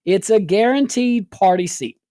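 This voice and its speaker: Hosting a political talk show, this woman delivers casual commentary laced with sarcasm and rhetorical questions. Her medium-pitched voice has a dark tone and lively intonation at normal speed, recorded cleanly in a studio with no room sound.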